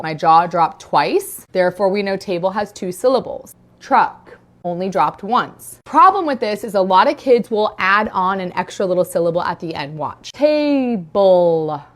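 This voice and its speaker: A young adult woman explaining a reading technique to parents. She speaks clearly and deliberately and slows down to sound out words. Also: medium pitch. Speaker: homeschool teacher. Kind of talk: instructional talk to parents.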